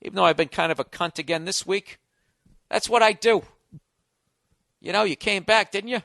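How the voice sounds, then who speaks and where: A man's voice: high voice, animated, unhurried, long pauses, sharp tone, no room sound. A man hosting a podcast, delivering a sarcastic, profane comedic rant. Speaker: podcast host.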